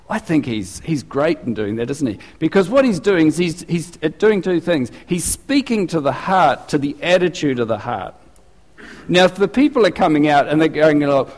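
A man's voice: on the high side, expressive, moderate pace, in a large hall. A man preaching a sermon as pastor, chatty and asking his congregation questions. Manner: conversational, asks the congregation questions.

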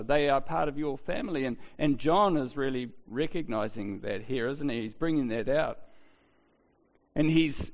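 A man with a fairly high voice preaches a sermon in an easy, conversational way, asking rhetorical questions. He often restarts his sentences. The recording is dull and lo-fi, with a long reverb from a church hall.

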